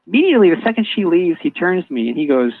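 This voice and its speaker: Man, slightly high voice, halting storyteller full of restarts; dry, dull lo-fi stream audio. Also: sing-song, no room sound. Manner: halting, many fillers and restarts. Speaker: guest telling a personal story. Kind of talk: casual storytelling on a live audio chat.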